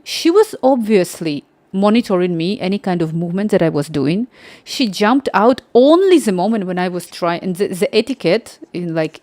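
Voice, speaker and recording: Animated woman telling a story, dry sound. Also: mid-range voice, dry recording. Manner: animated, acts out quoted dialogue. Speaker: livestream host. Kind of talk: casual storytelling.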